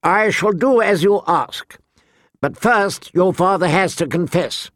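A cruel young king speaks with petulant, demanding haughtiness, pitched well up as a man voices him. His lines land louder and sharper than the surrounding narration, recorded close and dry. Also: slow pace, no room sound. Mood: imperious.

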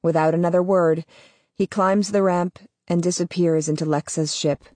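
A woman narrating a first-person audiobook in a measured, tense way. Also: lowish voice, fairly even intonation, dark tone, dry recording.

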